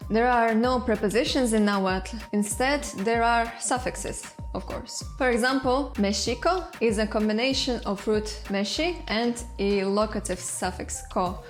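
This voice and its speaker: A woman hosting a language channel, narrating an educational explainer in a clear, lightly playful way. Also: medium pitch.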